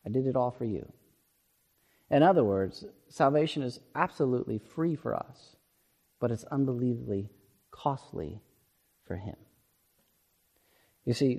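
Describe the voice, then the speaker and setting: A man's voice: mid-range voice, dark tone. A male pastor giving an emphatic, earnest sermon and repeating words for stress. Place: church sanctuary. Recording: long reverb of a church sanctuary.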